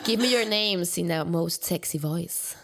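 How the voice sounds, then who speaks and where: A woman hosting a casual podcast, leading the talk with a lively, laughing manner. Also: lowish voice, measured pace. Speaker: podcast host.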